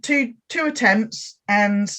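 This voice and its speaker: A woman's voice: a little high, slow, a bit bright. A woman hosting a casual, rambling video-call chat with a friend and addressing viewers. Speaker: host.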